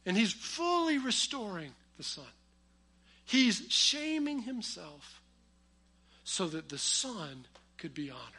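A man preaches a sermon and weaves family stories into it with humor. His voice sits high and bright. He pushes hard on key lines, then drops to quiet asides. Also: big pitch swings, takes it slowly, long pauses, breathy edge. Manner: storytelling with humor, swings between loud emphasis and quiet asides. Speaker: pastor.

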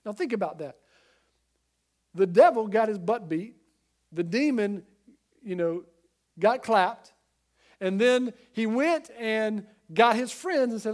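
A male pastor preaching a sermon in an earnest, emphatic way, speaking straight to listeners at home and swinging between quiet and loud. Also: sits high, expressive, slow, pauses often. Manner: addresses listeners at home directly.

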